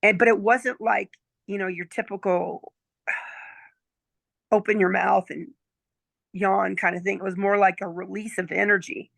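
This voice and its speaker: A woman's voice: medium pitch, fairly even intonation, measured pace, creaky, pauses often, fairly bright tone, dry recording. A woman in her sixties, a former nurse, telling a chatty story as a client testimonial, often checking in with "okay?" and "right?". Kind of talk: casual storytelling chat.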